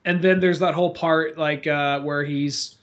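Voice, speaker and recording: A man's voice: a little high, fairly even intonation, a little slow, fairly bright tone, dull audio. Laid-back podcast man chatting about films. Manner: laid-back, chatty, acts out lines from scenes. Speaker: podcast co-host. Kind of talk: casual movie chat.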